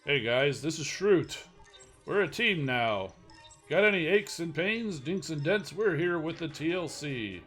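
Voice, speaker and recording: A man's voice: on the high side, animated, measured pace, fairly bright tone, breathy edge, faint music behind, pitched above the performer's own voice, heavily acted. A man reading a cheery robot medic.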